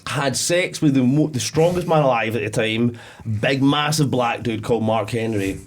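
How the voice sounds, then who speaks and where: A podcast co-host with a medium-pitched voice at normal speed rambles through casual chat, telling animated stories and laughing often.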